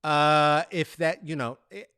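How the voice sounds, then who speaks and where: A fairly high, clear, resonant voice comes through slowly in a dry studio recording. The man is hosting a casual comedy monologue, rambling, cursing, and staging mock boos and cheers in animated rants. He's a San Francisco Bay Area local of several decades.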